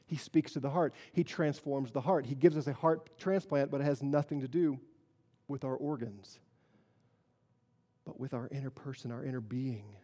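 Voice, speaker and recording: A man preaching a sermon as pastor, earnest, moving between quiet solemn stretches and emphatic rises. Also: mid-range voice, normal speed, long reverb tail.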